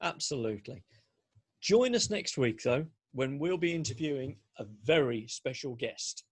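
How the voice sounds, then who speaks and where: A man hosting a podcast, chatting and signing off in a brisk, upbeat manner. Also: medium pitch, expressive, breathy edge. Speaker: podcast host. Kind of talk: casual chat and sign-off.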